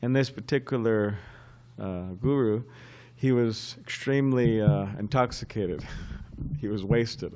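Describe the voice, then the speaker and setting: Slow, low-voiced man giving a scripture class. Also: mellow. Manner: halting and conversational, often restarting. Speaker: class speaker at a temple.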